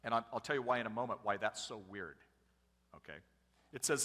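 A middle-aged man preaching, his bright, forward voice ringing out in a large church hall with a long reverb tail. He tells stories casually and pokes fun at himself. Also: mid-range voice, animated, a little fast. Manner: self-deprecating, conversational storyteller. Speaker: pastor. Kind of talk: sermon with personal storytelling.

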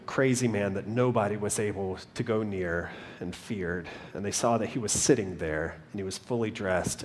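Earnest low-voiced male preacher. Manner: earnest, storytelling with frequent restarts. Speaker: pastor. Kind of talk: sermon.

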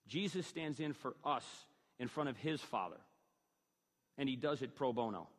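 A man's voice: mid-range voice, expressive, normal speed. Man preaching in a reverberant hall. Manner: emphatic preaching, rising on key phrases. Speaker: pastor. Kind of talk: sermon.

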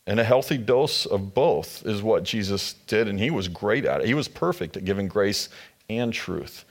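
Conversational male pastor preaching. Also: on the low side. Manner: conversational storytelling, retelling scripture in everyday words. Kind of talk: sermon.

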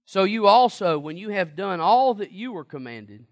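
Male preacher, slightly high voice, emphatic, chatty sermon delivery with questions to the room. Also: animated, moderate pace. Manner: conversational, emphatic, asks the congregation questions.

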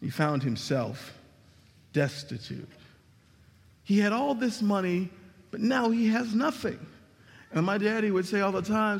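A man preaching a sermon as pastor, emphatic, with sweeping swings in pitch and volume. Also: lively intonation, unhurried, vocal fry, long pauses, breathy edge, big-room sound. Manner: emphatic preaching with dramatic drops and rises in pitch.

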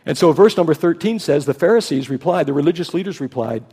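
A man's voice: a little high, expressive, quick pace, mellow, slightly rough. A man preaching a sermon, emphatic, rising to stress his key points. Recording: long hall reverb.

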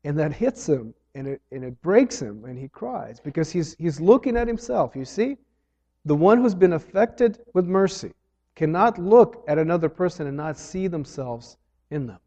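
A man preaching a sermon, earnest, rising loud on key phrases and dropping low between them. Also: expressive, normal speed. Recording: dull sound with long hall reverb.

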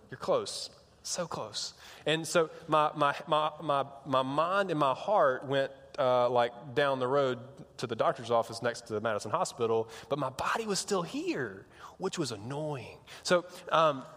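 Joking youth pastor in a hall. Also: male voice, medium pitch, fairly bright tone. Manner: rambling, joking storyteller with many restarts. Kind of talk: sermon to students. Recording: long hall reverb.

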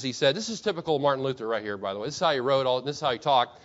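A pastor preaching to his congregation, asking many rhetorical questions and reading quotations slowly with emphasis. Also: mid-range voice, animated, muffled recording. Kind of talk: sermon.

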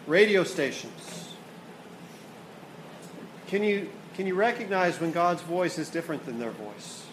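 A man's voice: on the high side, a little hiss or hum. A man preaching a sermon with earnest build-up, often repeating words as he rises toward questions and falls back. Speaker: pastor. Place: church hall. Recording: echoey hall, faint ambience.

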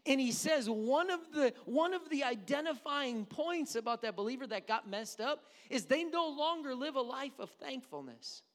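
A man preaching in a relaxed, joking way, slipping into mimicry of other people. His voice is lively, rising and falling widely. The sound rings with the long reverb of a church hall. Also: extremely high pitch, moderate pace, hardly any pauses. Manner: conversational and joking, breaks into singing and mimicry. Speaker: pastor. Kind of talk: sermon. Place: church sanctuary. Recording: echoey hall.

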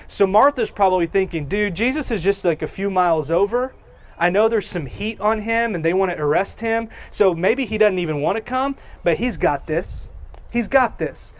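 A man preaching a sermon, telling the story in a folksy, conversational way and acting out the characters' lines in casual voices. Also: high-pitched. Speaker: pastor.

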